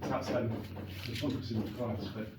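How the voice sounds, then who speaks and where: A man's voice: medium pitch, fairly even intonation, brisk. A middle-aged man giving a conversational, emphatic classroom lecture on poetry. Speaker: literature lecturer. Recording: echoey classroom, mic far off, faint noise.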